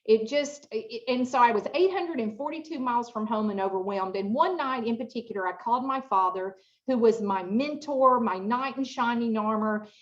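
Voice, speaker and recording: A middle-aged woman giving an interactive online workshop, chatty and expressive, asking the audience lots of rhetorical questions over a video call. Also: a little high, normal speed, hardly any pauses, lo-fi sound. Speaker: workshop presenter.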